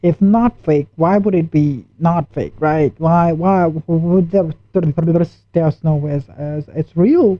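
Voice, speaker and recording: A man's voice: a little high, slow, few pauses, no room sound. A man streaming his reaction to a video, jittery, repeating himself and swearing. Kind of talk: live reaction commentary. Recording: dull lo-fi dry sound.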